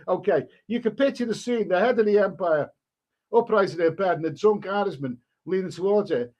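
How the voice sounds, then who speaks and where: A man's voice: high voice, fairly quick, a little mellow. A man hosting a live stream, reading a story aloud in a casual way and breaking off to answer the chat.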